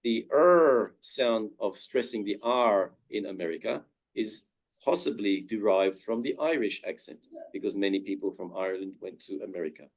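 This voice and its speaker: An Australian man giving a webinar talk on accents, thoughtful, with many pauses and restarts, heard over a video call. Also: on the low side, poor audio. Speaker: webinar guest speaker. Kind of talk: informal talk with audience questions.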